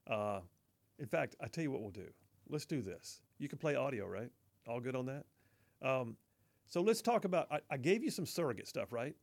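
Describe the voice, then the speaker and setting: A man's voice: medium pitch, expressive, normal speed, vocal fry. A man hosting a political talk radio show, mocking and folksy, often saying y'all, speaking in a studio.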